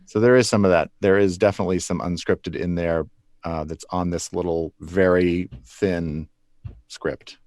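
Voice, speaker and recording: A man's voice: sits low, steady tone, normal speed, a little mellow, dry recording. A man being interviewed about puppeteering, talking loosely with restarts and small chuckles. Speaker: puppeteer guest. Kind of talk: relaxed interview answers.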